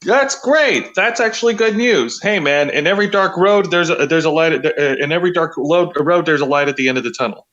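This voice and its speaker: Bright-voiced man on a dull lo-fi mic. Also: fairly high pitch, fast talker. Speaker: co-host. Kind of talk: casual livestream chat.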